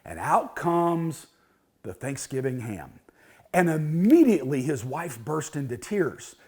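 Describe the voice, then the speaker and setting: A man in his fifties hosts a cooking show, spinning a folksy story for a cooking tip. His voice sits high and swings widely in pitch as he talks. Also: very animated, takes it slowly, darkish tone, husky. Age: 50s.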